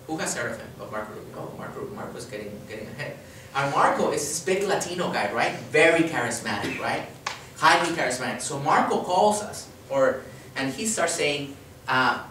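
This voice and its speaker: A man giving a public talk as an activist, telling a story with lively quotes and a frequent "right?". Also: mid-range voice, fairly quick, a little hiss or hum. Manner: animated storyteller, acts out quotes, tag question "right?". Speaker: activist speaker. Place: lecture hall. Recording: echoey hall, speaker far from mic.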